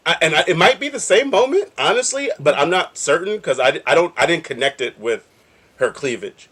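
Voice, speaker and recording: A man co-hosting a podcast in casual chat, relaxed and conversational with easy slang. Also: fairly high pitch, a little fast, husky.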